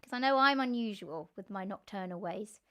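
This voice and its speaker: A young woman, a musician, chatting casually and warmly with her live stream viewers, laughing often and thanking them by name. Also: medium pitch, lively intonation, a little fast.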